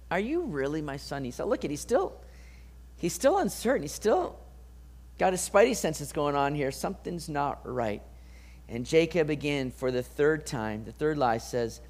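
Animated man preaching, slightly high voice. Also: normal speed. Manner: animated, acts out voices of the people in the story. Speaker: pastor. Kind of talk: sermon with scripture reading.

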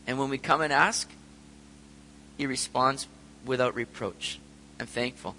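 A man's voice: medium pitch, sing-song, unhurried, pauses often, bright, forceful tone, long reverb tail, slight background noise, poor audio. A middle-aged man preaching a sermon in an earnest way, sometimes acting out prayers and voices. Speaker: pastor.

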